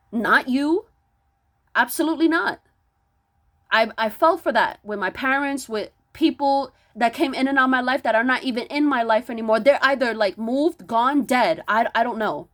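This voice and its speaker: A spiritual vlogger with a fairly high voice delivers an impassioned monologue on spiritual self-work, her intensity steadily rising. She talks at normal speed with few pauses, stammering and restarting often, and builds to loud, emphatic rhetorical questions that border on yelling.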